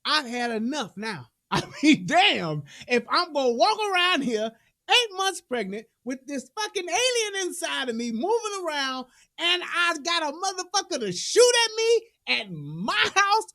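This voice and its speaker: High, lively woman ranting with laughter. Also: measured pace, dry recording, studio quality. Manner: animated storytelling, swearing, laughing asides. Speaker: reaction commentator. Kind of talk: profane comedic reaction commentary.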